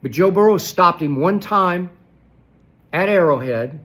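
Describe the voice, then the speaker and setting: Male sports pundit, slightly high-pitched, emphatic and repetitive, debate-show delivery. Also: lively intonation, a little slow, fairly bright tone. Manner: emphatic, hammering rhetorical questions; repeats key phrases for emphasis. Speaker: sports commentator. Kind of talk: heated sports debate commentary.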